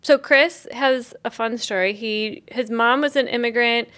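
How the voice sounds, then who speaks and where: A woman's voice: on the high side, unhurried, a bit bright. A woman co-hosting a podcast, telling a researched story in a casual, rambling way with lots of fillers. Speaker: podcast co-host presenting research. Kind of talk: casual chat.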